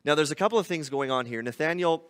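A man's voice: a little high, lively intonation, fast, a bit bright, clear, resonant tone, big-room sound. A man preaching a teaching sermon, talking through scripture conversationally and asking his listeners rhetorical questions. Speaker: pastor. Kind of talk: expository sermon.

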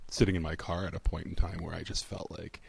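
A man's voice: low-pitched, level tone, fast talker, gravelly, husky, no echo. A man co-hosting a faith podcast, reflective and earnest as he shares a personal story. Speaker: podcast co-host. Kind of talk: casual podcast chat.

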